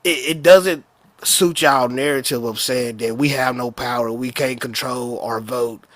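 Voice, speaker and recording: A man's voice: medium pitch, measured pace, a bit bright. A blunt man speaks casually on a debate panel. He uses slang and answers points directly. The room sounds dry and close, with almost no reverb.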